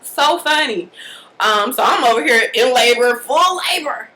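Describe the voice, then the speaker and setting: A woman casually telling a personal story to the camera in a lively, colloquial way, acting out the scenes as she goes. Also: on the high side, unhurried, rough recording. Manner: animated, colloquial, acts out the scenes. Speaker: mother telling a birth story.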